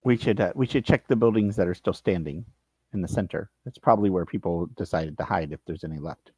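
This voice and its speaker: A man's voice: sits low, fairly quick, a little mellow, slightly rough, no echo. A man playing a tabletop role-playing game, chatting casually and stammering, repeating his words. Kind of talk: casual role-play chat.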